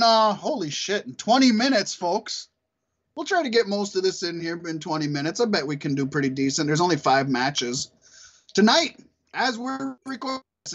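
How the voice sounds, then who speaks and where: A man co-hosting a podcast in loose, rambling chat. His voice sits quite high, and he swears freely and laughs often between thoughts. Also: a bit bright, muffled recording. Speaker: podcast co-host. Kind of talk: casual chat.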